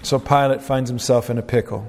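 A man's voice: medium pitch, fairly even intonation, brisk, a little mellow, in a large hall. A male pastor preaching an expository sermon, reading scripture verses aloud and explaining them with emphasis.

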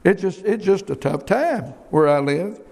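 High gravelly preacher in a hall. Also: male voice, expressive, measured pace, darkish tone. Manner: emphatic, folksy, repeats himself. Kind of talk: sermon. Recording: long hall reverb.

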